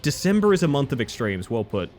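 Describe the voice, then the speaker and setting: Male streamer, casual and playful; leaps from giddy highs to quiet mumbles while he plays. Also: fast, slight background noise. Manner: playful, reads chat aloud and jokes, swings between excited yelps and low mutters. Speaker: live streamer. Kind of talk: casual live-stream chat while gaming.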